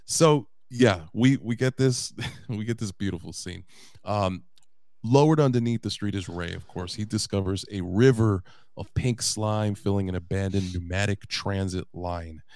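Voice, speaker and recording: A man's voice: lowish voice, normal speed, a little mellow, no room sound. A man in his late thirties hosting a casual movie podcast, recapping the plot with loose, sweary asides. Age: 30s. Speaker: podcast host.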